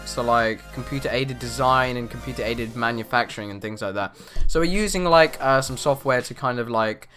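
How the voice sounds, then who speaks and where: A teenage boy rambling in casual chat from his bedroom, animated and exaggerating with slang. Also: mid-range voice. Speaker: vlogger.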